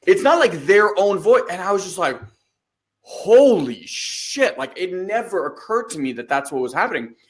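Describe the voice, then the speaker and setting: A man in his thirties co-hosting a podcast, telling a story in a loose, animated way and acting out the lines he quotes. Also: high-pitched, a little fast, few pauses. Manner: animated storytelling, acts out quotes, swears casually. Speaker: podcast co-host. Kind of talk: casual conversation.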